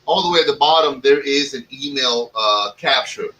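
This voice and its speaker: Chatty bright-voiced man hosting a podcast. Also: medium pitch, moderate pace, far from the mic, low-quality recording. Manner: chatty, jokey, plugs promotions with filler words. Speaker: podcast host and cigar shop owner. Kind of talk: casual podcast chat.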